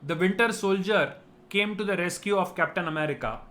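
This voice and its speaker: A man's voice: high-pitched, brisk, a bit bright. A man giving a vocabulary lesson, explaining each word and checking in with "right?". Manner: explanatory, repeats key words, ends points with "right?". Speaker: teacher.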